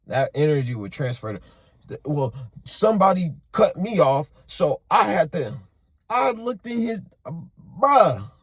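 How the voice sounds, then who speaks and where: A motivational vlogger with a husky, somewhat high voice tells a story in a casual, animated and profane monologue, his pitch jumping and dropping as he swings between hushed and loud. He keeps a measured pace. The recording is dry and close, with no room sound.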